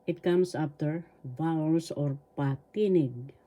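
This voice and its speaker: Slow, low-voiced older woman teaching words. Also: mellow. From Philippines. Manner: repeats words syllable by syllable. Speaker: language teacher. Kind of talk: slow spoken language lesson.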